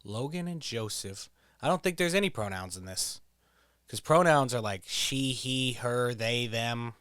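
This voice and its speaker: A man's voice: medium pitch, a little slow, fairly bright tone, clear, resonant tone, dry recording. Man streaming a quiz game, swears a lot, jokes around, dry close sound. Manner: profane, joking, rambling storyteller. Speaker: gameplay streamer. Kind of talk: casual gameplay commentary.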